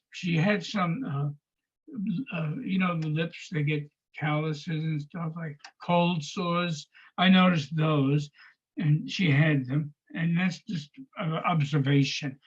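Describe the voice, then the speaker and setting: An older man with a husky, slightly high voice tells a long personal story, excitable and rambling, leaping up in pitch whenever he acts out what someone said. The sound is dull and lo-fi, like audio from a video call. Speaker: guest storyteller. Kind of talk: anecdotal storytelling.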